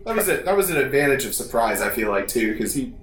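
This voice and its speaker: Casting: lively, bright male player in an echoey room. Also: mid-range voice, fast talker, a little hiss or hum. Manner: eager, laughing, excitable. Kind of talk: casual tabletop game play.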